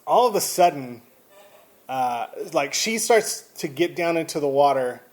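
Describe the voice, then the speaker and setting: A man with a Texan accent casually telling a story to camera, rambling and animated, with frequent restarts. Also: on the high side, a little slow. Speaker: vlogger.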